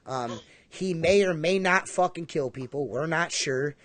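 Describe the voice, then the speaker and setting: High-voiced, profane podcast host. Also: male voice, measured pace, a bit bright, no room sound. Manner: profane, rambling, emphatic. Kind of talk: casual livestream chat.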